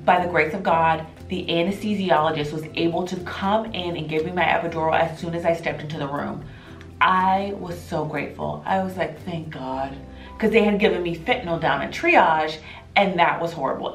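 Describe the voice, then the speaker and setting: A woman vlogger telling her own birth story to camera in an emotional, animated way, often quoting what people said. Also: fairly low pitch, normal speed. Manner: emotional, animated retelling with quoted voices. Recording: echoey room with faint music.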